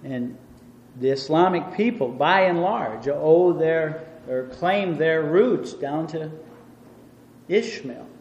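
A man's voice: fairly high pitch, lively intonation, slow pace, a little mellow, dull audio, a little hiss or hum. A middle-aged male pastor preaching a sermon. He reads scripture aloud in old-fashioned wording and stresses points with emphatic repetition. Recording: echoey church hall with faint ambience.

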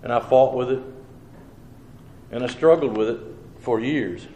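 In a roomy recording with faint background noise, an earnest preacher gives his personal testimony in homespun phrasing, performing his own thoughts and responses. His medium-pitched voice has a dark tone and moves a little slowly.

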